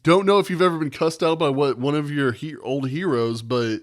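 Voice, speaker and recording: A man's voice: fairly high pitch, moderate pace. A man in his thirties co-hosting a podcast, telling a profane anecdote in casual chat and acting out the quotes. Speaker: podcast co-host.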